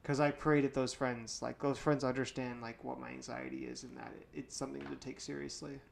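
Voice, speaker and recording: A man's voice: medium pitch, level tone, brisk, creaky, a little hiss or hum. A young man talking candidly in a casual podcast chat, rambling with lots of fillers. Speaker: podcast guest.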